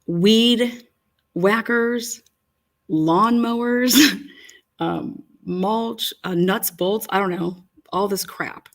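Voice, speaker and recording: A woman's voice: on the low side, fairly even intonation, takes it slowly, gravelly. A woman giving casual, rambling commentary over video footage, telling an incredulous story with frequent swearing.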